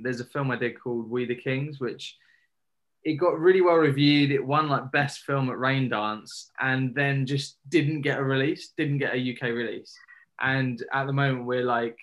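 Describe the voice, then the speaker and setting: A man, an actor, chatting as a guest over a video call in a relaxed, rambling way with many fillers. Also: mid-range voice, moderate pace. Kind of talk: casual interview chat.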